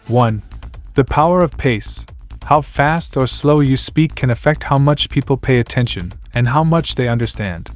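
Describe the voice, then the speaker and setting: Male narrator, scripted lesson, mid-pitched voice, measured announcer delivery, soft music underneath. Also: lively intonation.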